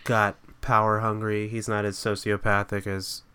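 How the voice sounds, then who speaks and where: A man with a smooth, resonant, fairly low voice talks through his picks in easy podcast chat. He sounds relaxed and opinionated, and his sentences often fade off softly at the end. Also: normal speed. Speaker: podcast co-host. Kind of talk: casual chat.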